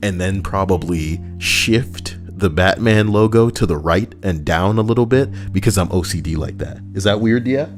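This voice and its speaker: A low-voiced man streams casually, reading stories aloud at normal speed with hardly any pauses. He's animated and sarcastic, joking with his chat over soft background music.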